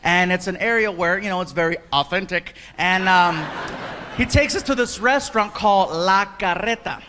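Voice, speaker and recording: A man doing animated stand-up storytelling, acting out characters with loud outbursts. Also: high voice, moderate pace. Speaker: stand-up comedian. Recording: live club set with a laughing crowd and room noise. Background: audience laughter.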